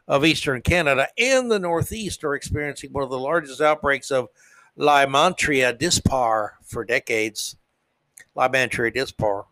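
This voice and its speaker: A man hosting a podcast, ranting in a sarcastic, mock-outraged comedic monologue. His voice sits a little high and he mocks freely. The sound is dry and close-miked with no room echo. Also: a bit bright. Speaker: podcast host.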